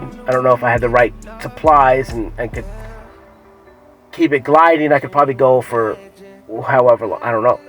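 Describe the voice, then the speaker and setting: A man's voice: mid-range voice, poor audio. A man talking casually to the camera in a rambling, profane monologue full of fillers and restarts.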